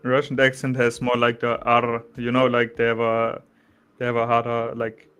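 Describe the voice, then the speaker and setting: A young man with a German accent, chatting casually about trading, relaxed, restarting sentences and saying "bro" a lot. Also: mid-range voice, normal speed, clear, resonant tone. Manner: relaxed, restarts often, says "bro" and "you know". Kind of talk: casual chat.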